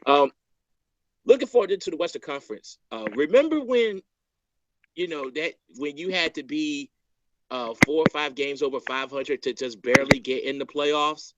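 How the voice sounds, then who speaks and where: A man's voice: fairly high pitch, lively intonation, normal speed, muffled recording, very noisy. A man hosting a casual sports podcast, asking long questions with many fillers and restarts. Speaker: podcast host.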